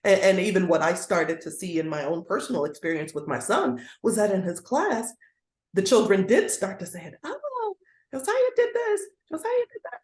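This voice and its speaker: A woman's voice: fairly low pitch, animated, a little fast, darkish tone. Earnest woman in an echoey room. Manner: earnest, acts out quoted voices. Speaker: guest educator. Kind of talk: conversational interview. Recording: roomy echoey sound.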